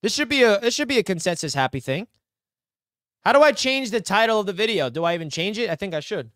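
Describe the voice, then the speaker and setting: A man's voice: high-pitched, sing-song, quick pace, a bit bright, no echo, studio quality. A young man hosting a live stream, reacting to sports news with hyped, rambling chatter aimed at his chat.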